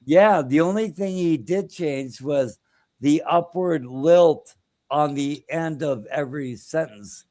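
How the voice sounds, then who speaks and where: A man's voice: a little high, slow pace, warm tone, dry recording. A man hosting a live stream, chatting casually in a blunt, crude, opinionated way with lots of fillers. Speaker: streamer host.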